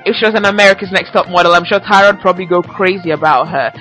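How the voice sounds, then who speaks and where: A woman's voice: on the low side, fairly even intonation, very fast, a bit bright, soft background music, rough recording. A young woman hosting a casual solo podcast, chatty and teasing, laughing often at her own remarks. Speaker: podcast host.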